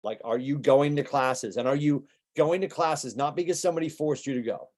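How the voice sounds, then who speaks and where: Male coach, warm and low-key tone, casual motivational trainer who asks questions a lot. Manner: conversational, rapid-fire rhetorical questions. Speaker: business coach.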